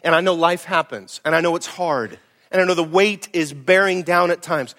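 A middle-aged man, a pastor preaching a sermon in a blunt, emphatic way, swinging from loud to hushed. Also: a little high, normal speed.

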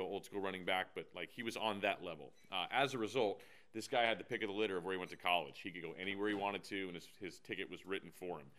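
Deep-voiced man telling a story. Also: smooth. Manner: relaxed storytelling with frequent fillers. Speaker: devotional speaker. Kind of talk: casual devotional talk.

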